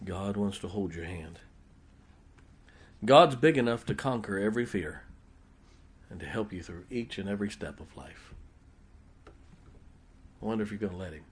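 A middle-aged man preaching a sermon in a folksy, humorous way, swinging from loud emphasis to quiet, intimate asides. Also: on the low side, animated, moderate pace, long pauses, husky. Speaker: pastor.

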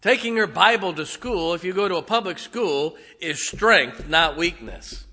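An older man preaching a sermon in a church, swinging from booming declarations to quiet wry asides. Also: expressive, a little slow. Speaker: pastor. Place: church sanctuary. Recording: long hall reverb.

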